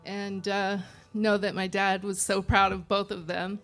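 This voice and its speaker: A woman giving a eulogy for her father, speaking softly and hesitantly, close to tears. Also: mid-range voice, flat delivery, measured pace, faint music behind. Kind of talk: memorial speech.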